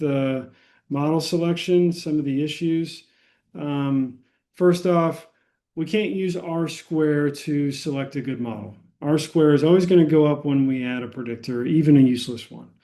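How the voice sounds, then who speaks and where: An American man gives a statistics lecture in a slow, measured way. His voice is dark and mellow and sits a little high for a man. He pauses often and uses plenty of filler words as he explains. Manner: frequent fillers and restarts, unhurried explaining. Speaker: statistics instructor.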